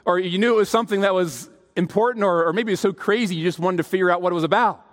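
Male preacher, high voice, animated storyteller who acts out the voices he quotes; long hall reverb. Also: very fast. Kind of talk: sermon with storytelling.

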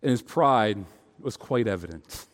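A man preaching a sermon, telling stories in an animated way and acting out the voices of the people he quotes. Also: fairly low pitch, a little slow. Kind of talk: sermon with storytelling. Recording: long hall reverb.

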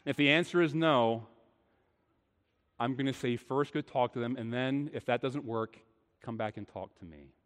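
A male pastor preaching a sermon with earnest emphasis, shifting between quiet and emphatic. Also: mid-range voice, moderate pace, clean tone. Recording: long hall reverb.

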